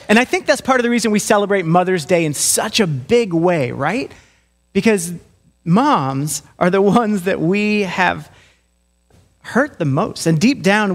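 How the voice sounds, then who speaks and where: A middle-aged man preaching a sermon, telling a lively personal story and acting out the voices of children and his mother. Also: high voice, long reverb tail. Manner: lively storytelling, acts out voices of kids and mom. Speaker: pastor.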